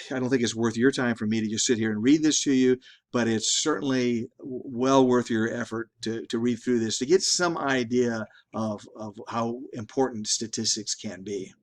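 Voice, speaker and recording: A middle-aged man teaching a statistics class in a conversational lecture, often repeating and restarting words. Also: medium pitch. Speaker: statistics instructor. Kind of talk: recorded lecture.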